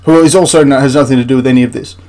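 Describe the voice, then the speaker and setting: A man's voice: mid-range voice, steady tone, rapid-fire, mellow, slight background noise. A man hosting a history channel, ranting through a film critique in an exasperated, rambling way with frequent restarts.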